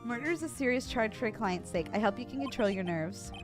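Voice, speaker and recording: A formal, measured older judge from a courtroom video game, read by a woman streamer. He speaks with a lively pitch, and faint music plays behind him. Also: close to an everyday voice. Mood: stern. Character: stern older male judge.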